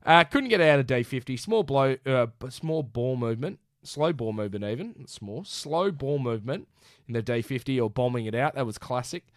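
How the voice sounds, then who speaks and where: Casting: Australian man, sports podcast co-host, bouncy and animated intonation, close dry sound, reels off stats. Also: medium pitch, moderate pace, no echo. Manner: animated, rattles off stats, says mate a lot. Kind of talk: casual sports chat.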